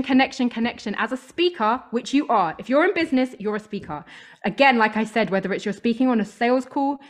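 Emphatic, upbeat woman giving a motivational talk. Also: on the high side. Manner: emphatic, upbeat, repeats key words. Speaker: voice coach. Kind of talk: motivational talk to a live audience.

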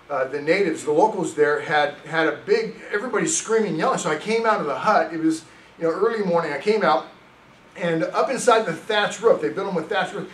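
A male pastor preaching a sermon, reading scripture and telling stories in an animated way. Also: sits high, reverberant, recorded from a distance, rough recording. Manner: animated storytelling, reads scripture aloud. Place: church sanctuary.

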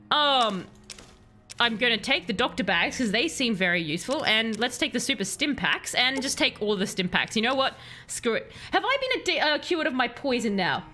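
A woman's voice: high-pitched, pushed and bright. A woman with an Australian accent that at times turns British, chatting casually with viewers and giggling while playing a game on stream. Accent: Australian, at times British-tinged.

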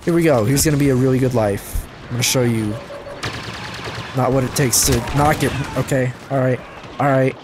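A young man giving casual, self-mocking commentary over his gameplay, his voice jumping high when things go wrong. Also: normal speed, background noise. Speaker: gaming channel host. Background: game music and gunfire.

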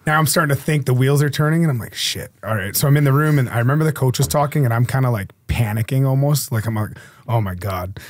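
A man's voice: medium pitch, fairly even intonation, racing, few pauses, dry recording. A man in his thirties, a hockey player guest, telling stories in casual chat and acting out the lines of the people in them. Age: 30s. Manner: laid-back, acts out quoted lines in his stories. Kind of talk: casual storytelling.

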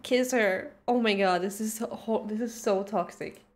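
A woman's voice: medium pitch, moderate pace. A woman streaming a video game, chatting casually and giggling often. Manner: giggly, animated.

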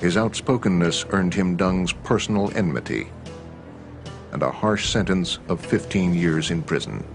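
A man giving scripted documentary narration in a measured, grave manner. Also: low-pitched, animated, vocal fry, music in the background.

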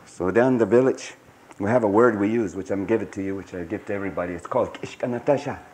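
A man speaking at a conference to a live audience, telling stories with great passion, swinging from low murmurs to high cries, in a 1990s archival recording. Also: fast, a little mellow. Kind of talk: storytelling talk to an audience. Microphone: 1990s archival live talk recording.

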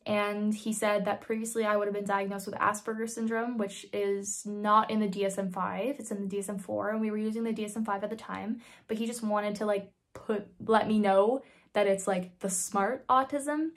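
A woman's voice: mid-range voice, fairly even intonation, normal speed. A woman in her twenties telling a personal story casually, candid and swearing freely. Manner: candid, swears freely, acts out quoted voices. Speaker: vlogger.

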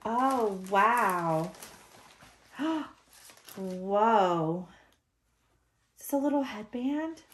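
A woman's voice: medium pitch, animated, extremely slow, long pauses. A woman hosting an unboxing vlog, gushing with gasps and effusive thanks, teary-eyed and emotional. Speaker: reborn doll artist and channel host.

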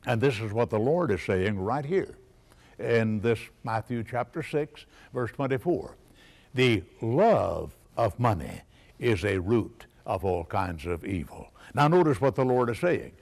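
A middle-aged man preaching a sermon, emphatic and animated, often pausing on "uh" between phrases. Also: mid-range voice, vocal fry.

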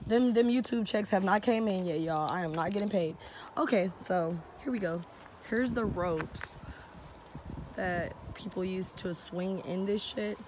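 A woman's voice: mid-range voice, measured pace, background noise. A young woman chatting casually and swearing freely while vlogging on a phone outdoors. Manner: laid-back, swears often, slangy. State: out of breath. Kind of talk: casual vlog chat. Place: outdoors by a creek.

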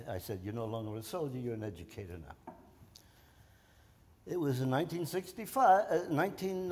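A man in his nineties, a war veteran guest, telling his story haltingly with many fillers and restarts. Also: a little high, a little mellow. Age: 90s. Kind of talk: storytelling interview. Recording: long reverb of a hall.

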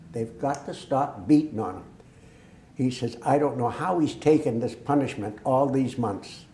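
The clip has a faint hiss or hum and an echoey room around an older man's mid-range voice. He's a Massachusetts veteran giving an oral history, telling war stories with energy and performing the dialogue he quotes.

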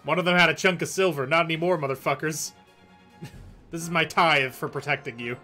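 A man's voice: a little high, steady tone, fairly quick, pushed and bright, faint music behind. A man joking and laughing through casual game commentary while streaming with friends. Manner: giggly, joking, reads NPC lines aloud. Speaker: let's-play streamer.

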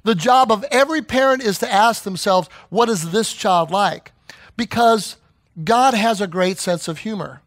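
A man's voice: high-pitched, dry recording. A middle-aged man preaching a sermon as pastor, telling stories and acting out the voices he quotes. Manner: animated storyteller who acts out quoted voices.

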